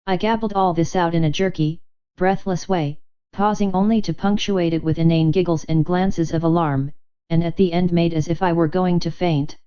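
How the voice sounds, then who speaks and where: A woman narrating a novel in first person as an audiobook, in a measured, wry storytelling manner. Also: fairly low pitch, steady tone, warm tone, clean tone, highs cut off.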